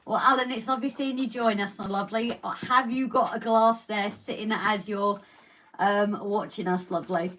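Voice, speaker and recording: A woman's voice: medium pitch, steady tone, moderate pace, fairly bright tone, rough recording. A woman co-hosting a casual live stream, reading out viewer comments and greeting them as darling and lovely.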